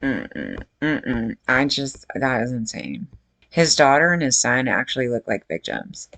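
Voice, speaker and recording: A woman's voice: a bass voice, big pitch swings, unhurried, vocal fry, a bit bright, dry recording. A woman in her forties giving casual reaction commentary on a news story, blunt and outraged, swearing freely. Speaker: true-crime commentary vlogger.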